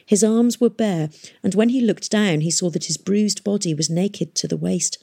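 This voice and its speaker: A woman narrating an audiobook in a measured, gentle storytelling manner. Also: mid-range voice, vocal fry, breathy edge. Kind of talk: scripted narration.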